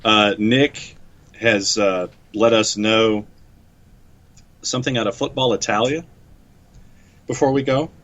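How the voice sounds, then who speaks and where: A man's voice: on the low side, steady tone, slow pace, long pauses, a bit bright. A man co-hosting a sports podcast, wry and casual, reading out news items. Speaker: podcast co-host. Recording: muffled lo-fi audio.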